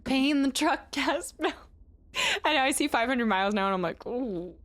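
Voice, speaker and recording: Give me a woman streamer with a fairly high voice, talking casually and laughing between game fights. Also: animated, normal speed, fairly bright tone, a little hiss or hum. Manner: chatty, laughs often, exclaims during fights. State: out of breath. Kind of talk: casual live-stream gameplay chat.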